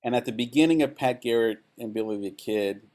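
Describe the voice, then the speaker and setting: A man from Texas whose first language is Spanish, a film director telling animated, enthusiastic stories as an interview guest. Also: medium pitch, brisk. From El Paso, Texas. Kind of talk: casual anecdotal storytelling.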